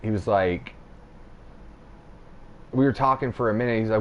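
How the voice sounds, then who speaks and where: A man's voice: on the low side, normal speed, pauses often, clean tone, dull audio. A young man hosting a podcast, telling a rambling, profane story in casual chat. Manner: profane, rambling, animated retelling. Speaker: podcast host.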